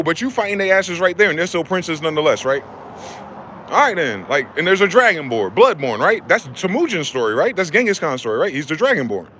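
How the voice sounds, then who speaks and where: Fairly high-pitched, pushed and bright, a male vlogger rants angrily with profanity and confrontation, returning again and again to the same rhetorical questions amid slight background noise.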